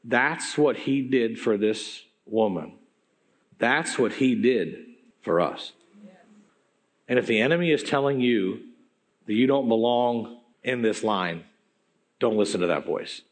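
A man preaching a sermon, telling stories in an animated, conversational way that swings between loud and hushed. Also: medium pitch, slow pace, long pauses. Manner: conversational, with asides to the audience.

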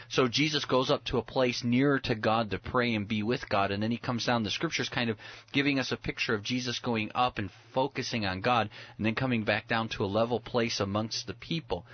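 A man's voice: mid-range voice, brisk, no echo, lo-fi sound. A man speaking as a pastor, explaining scripture earnestly in a conversational preaching style. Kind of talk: preaching on a talk show.

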